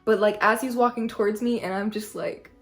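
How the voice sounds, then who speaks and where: A young adult woman vlogs a personal story in a relaxed, talkative manner, saying "like" again and again. Her mid-range voice is steady and a little quick, with faint music in the background.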